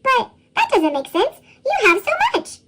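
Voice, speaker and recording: A woman's voice: wildly swooping pitch, measured pace, heavy background noise, heavily acted. A woman doing an eager little boy in chipmunk voice. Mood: upset. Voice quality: chipmunk-style pitched-up voice. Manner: eager, pleading storybook voice. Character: eager, earnest young boy. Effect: chipmunk pitch shift.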